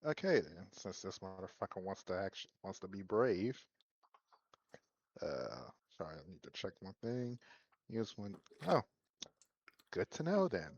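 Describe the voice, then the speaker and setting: A low-voiced tabletop player speaks slowly and casually, with crude jokes. The sound is a dull, lo-fi voice chat mic, dry and close. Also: sing-song, a little mellow, no echo.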